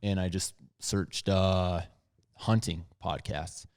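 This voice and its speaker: A man in his thirties hosting a podcast in casual chat, talking softly in a low radio voice with lots of restarts. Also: steady tone, slow pace, clean tone. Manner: low, soft-spoken radio voice, rambling restarts. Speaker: podcast host. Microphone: studio podcast mic.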